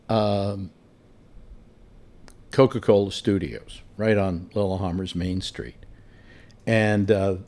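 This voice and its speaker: A man telling a long personal anecdote in an animated, exasperated way, full of restarts. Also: medium pitch. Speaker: storyteller. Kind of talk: casual anecdote told aloud.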